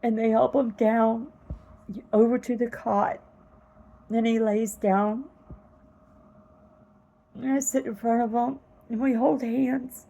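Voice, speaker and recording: A woman earnestly retelling a vivid dream in a slow, halting way, close to tears at times. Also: fairly high pitch, level tone, gravelly, warm tone, low-quality recording. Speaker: vlogger telling a dream. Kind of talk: personal storytelling.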